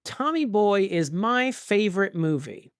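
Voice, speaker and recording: A woman co-hosting a casual movie podcast, playful and swearing in quick asides. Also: medium pitch, big pitch swings, no room sound, clean studio sound. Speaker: podcast co-host.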